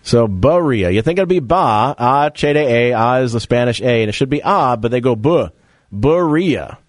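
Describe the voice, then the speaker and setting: A man's voice: mid-range voice, fairly quick, no room sound. A man hosting a casual radio talk show, joking and quizzing his co-host.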